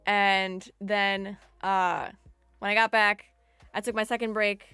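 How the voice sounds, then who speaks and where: Bright, chatty young woman streamer. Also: mid-range voice, slow, clean tone, dry recording. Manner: animated, chatty, full of "like". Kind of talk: casual storytelling to a live stream.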